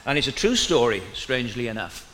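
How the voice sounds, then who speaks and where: A man from Wales with a Welsh accent, preaching a sermon in a relaxed storytelling way with gentle humor. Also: medium pitch, brisk, a little hiss or hum. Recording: long reverb in a large hall, faint ambience.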